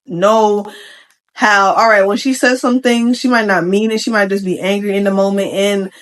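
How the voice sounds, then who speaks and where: A young adult woman giving casual commentary on a Reddit post, chatty and slangy, with frank opinions and quick asides. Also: mid-range voice, fairly even intonation. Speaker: vlogger reacting to a Reddit post.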